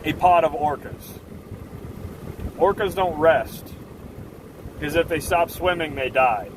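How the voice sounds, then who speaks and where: A man's voice: fairly high pitch, slow, noisy background. A man hosting a live stream, talking casually to his chat in assertive, fired-up rants. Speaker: livestream host.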